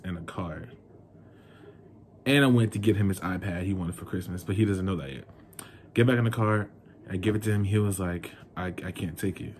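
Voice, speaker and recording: A man's voice: fairly low pitch, a little mellow, slight background noise. A young man from New York telling a breakup story in an emotional, indignant rant straight to the viewer. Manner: heated, indignant, talks straight to the listener. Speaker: vlogger.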